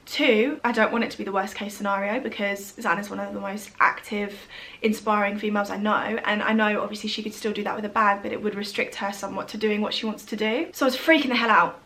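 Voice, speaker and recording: A woman's voice: medium pitch, fairly bright tone. A young woman, telling a personal story to camera in a chatty way, full of "like" and "literally". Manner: chatty, frequent fillers like "like" and "literally". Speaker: vlogger.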